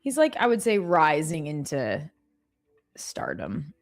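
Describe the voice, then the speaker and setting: A woman's voice: sits low, wildly swooping pitch, slow pace. A woman co-hosting a live trading stream, chatting casually, laughing and cheering her trades on.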